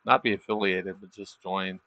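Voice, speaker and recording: Middle-aged guy streaming trades, gravelly and kinda lowish, just rambling to chat. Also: steady tone, moderate pace, sharp tone, dull audio. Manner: rambling, self-deprecating, drawling asides. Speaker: livestreaming trader. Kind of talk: casual livestream chat.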